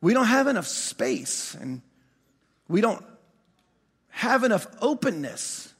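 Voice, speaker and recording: A man preaching a sermon as pastor, animated, often restarting words and asking his congregation questions. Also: high-pitched, slow, creaky, husky, big-room sound.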